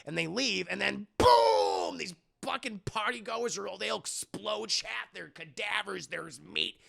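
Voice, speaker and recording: A man recapping a film scene by scene for a live stream, animated and profane, acting out the characters. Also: high voice, normal speed, vocal fry.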